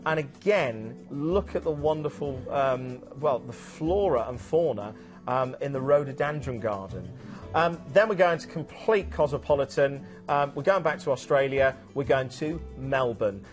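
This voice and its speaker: A man's voice: medium pitch, expressive, measured pace, soft background music. A man presenting a TV cruise show in a chatty, enthusiastic sales manner, with many ums and restarts. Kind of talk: enthusiastic travel sales chat.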